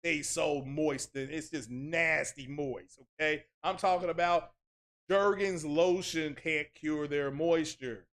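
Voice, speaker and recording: A man hosting a gaming livestream, ranting in an animated, mocking way and talking to his chat. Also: on the high side, slow. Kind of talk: casual livestream rant.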